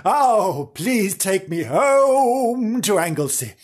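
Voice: medium pitch, sing-song, slow, voice pushed up. A podcast host putting on the voice of an angry young chambermaid who pleads, in a raised, strained tone. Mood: pleading.

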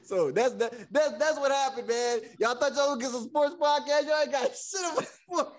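A young man co-hosting a podcast, telling a story casually and acting out his friends' lines with loud outbursts and laughter. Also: very high voice, normal speed. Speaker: podcast co-host.

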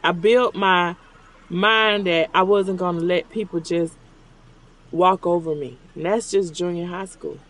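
A middle-aged show host with a high, fairly bright voice talks at an unhurried pace with fairly even intonation. Sitting in his car at a drive-thru, he tells a rambling, conversational story while ordering, acting out remembered dialogue.

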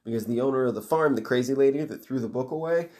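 A man voicing a sinister, smug male trickster who taunts and bargains in slow, drawn-out phrases. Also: medium pitch, mellow, lightly acted. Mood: scheming.

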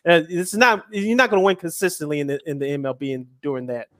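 A man co-hosts a casual sports talk show, asking a guest for his take in a halting way full of fillers. His voice sits a bit high for a man. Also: lively intonation, fairly bright tone.

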